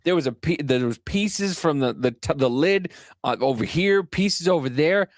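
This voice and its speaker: A man's voice: fairly high pitch, expressive, normal speed, no echo, studio quality. A man co-hosting a podcast, telling a rambling story in casual chat and swearing often. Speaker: podcast co-host.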